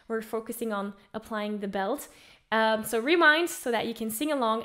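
A woman's voice: on the high side, fairly bright tone. A woman teaching an online singing lesson, explaining things in an upbeat way and demonstrating with her own voice. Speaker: vocal coach.

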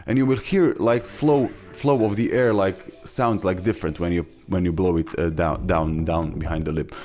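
A young man hosting a casual beatbox tutorial, talking haltingly with many fillers and restarts. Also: deep voice, fairly even intonation, a little mellow. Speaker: beatbox tutorial channel host.

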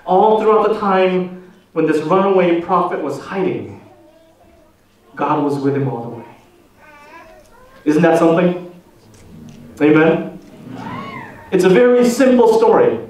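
A male pastor preaches slowly and with weight, leaving space between his phrases. His voice sits a little high for a man and sounds set back from the microphone. It carries through a very echoey church sanctuary. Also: expressive, darkish tone, recorded from a distance. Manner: slow, deliberate preaching with rhetorical questions. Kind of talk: sermon. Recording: echoey church hall, voice from off the mic.

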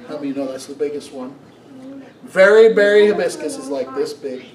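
Middle-aged pastor preaching in an echoey church. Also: male voice, on the high side, fairly quick. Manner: storytelling, animated, asks the congregation questions. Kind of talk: sermon. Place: church sanctuary. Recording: echoey room, mic from a distance.

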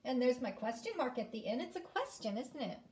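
A woman teaching an early-grade phonics lesson, clearly sounding out letters and inviting children to repeat after her. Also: on the high side, very animated, fairly quick, darkish tone.

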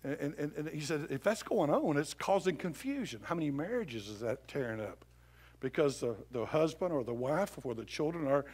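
A male pastor preaching a sermon in a church, dropping to a hush for scripture and rising to shouts. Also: on the high side, expressive, normal speed, breathy edge. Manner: swings from hushed scripture reading to loud shouted exhortation. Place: church sanctuary.

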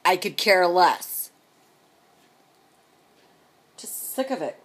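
Middle-aged woman vlogger, breathy and lowish, venting in a sarcastic, rambling rant. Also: sing-song, drawn-out words.

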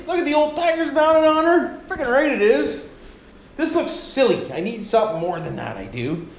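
A Canadian man from Ontario giving casual, rambling commentary while he welds in his workshop. He keeps calling out to the boys and swears freely. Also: high voice. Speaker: DIY vlogger. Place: echoey workshop garage. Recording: echoey shop with tool noise.

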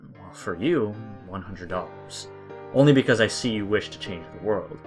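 A man voicing a strange, sly merchant who sells wishes, speaking in a measured way. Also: lowish voice, lively intonation, faint music behind, close to an everyday voice.

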